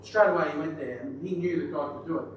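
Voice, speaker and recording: High-voiced male pastor, casual joking sermon, very echoey distant hall recording with noise. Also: fast talker. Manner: chatty, joking aside to the congregation. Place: church hall.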